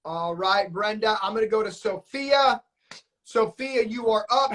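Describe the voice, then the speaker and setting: A man's voice: high voice, a little slow. Hype-driven man coaching a live stream. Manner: energetic hype, slang, frequent fillers. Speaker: notary business coach and live-stream host. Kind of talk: live coaching stream, upbeat casual talk.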